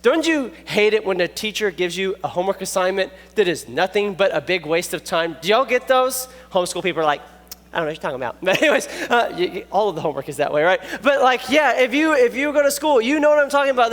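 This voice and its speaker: A man preaching a youth sermon, animated and jokey, telling stories and checking in with the listeners. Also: sits high. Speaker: youth pastor. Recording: long echoey hall reverb.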